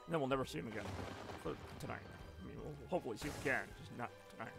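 Bright-voiced man streaming a game. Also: mid-range voice, racing, vocal fry, soft background music. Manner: rambling, joking, chatting with viewers. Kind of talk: casual live stream gameplay commentary.

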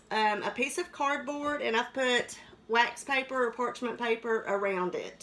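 A woman's voice: fairly high pitch, fairly bright tone, slight background noise, poor audio. Chatty woman streaming from her kitchen. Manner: folksy, greets viewers by name, laughs often. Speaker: host of a live cooking stream. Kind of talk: chatty live-stream cooking demo.

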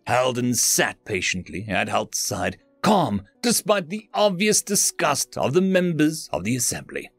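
A man narrating a science fiction story in an expressive, dramatic style. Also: mid-range voice, a little slow, hardly any pauses, dry recording, soft background music.

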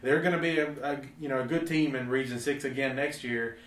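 A man's voice: medium pitch, a little fast, recorded from a distance. A man hosting a local sports show, reading scripted lines and putting questions to his co-host. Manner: smooth, reads lines and asks questions. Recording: echoey, a bit off mic.

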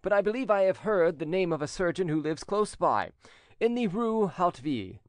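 Brief: a man reading as a cool, courteous stranger, measured and steady, slightly raised pitch. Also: dry recording, studio quality. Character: calm, steady, cautious male stranger.

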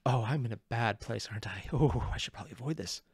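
A man reacting to a video in casual commentary, rambling and giggly, over-caffeinated and jumping into high squeaks. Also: quick pace, very noisy. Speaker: reaction streamer.

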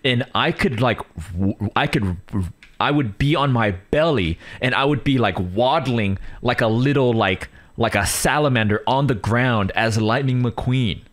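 A man's voice: medium pitch, measured pace. A man streaming, chatting casually and rambling through stories with lots of energy. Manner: animated, rambling storyteller. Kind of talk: casual chat.

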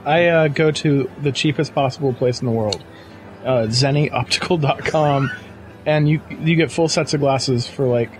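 A man's voice: medium pitch, moderate pace, over music. A man chatting as a guest on a podcast and chiming in with brief comments. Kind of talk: casual interview chat. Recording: noisy background hiss.

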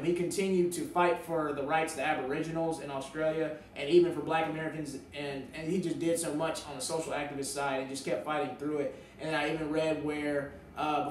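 A man co-hosting a sports talk show in casual chat, earnest and rambling with fillers, quick to joke. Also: on the high side. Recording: roomy, distant mic, faint noise.

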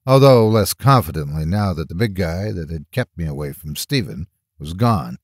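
Man, horror story narrator, low voice, measured first-person telling, dry close mic. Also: sing-song, husky, no room sound.

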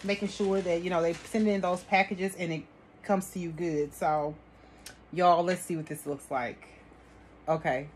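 A woman's voice: fairly low pitch, fairly even intonation, unhurried, slight background noise. A woman vlogging an unboxing of a haul, gushing over each item and talking to her viewers as sis and y'all. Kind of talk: product unboxing chat.

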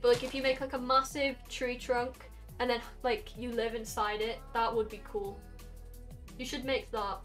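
A woman's voice: fairly high pitch, little pitch movement, normal speed, soft background music. Chatty young Welsh woman streaming. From Wales. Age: young adult. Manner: chatty, rambling, talks to chat while playing. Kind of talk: casual gaming stream chat.

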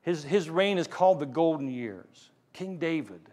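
A man's voice: a little high, animated, moderate pace, darkish tone, big-room sound. A man preaching a sermon as pastor, retelling a Bible story with acted-out lines of dialogue.

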